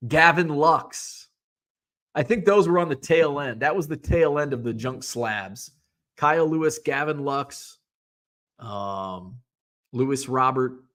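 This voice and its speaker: A man from Illinois hosts a relaxed live stream, his voice sitting a little high for a man. He works through viewer comments one by one, reading each aloud and tossing back a wry remark. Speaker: host of a sports card hobby show. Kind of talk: casual live-stream chat.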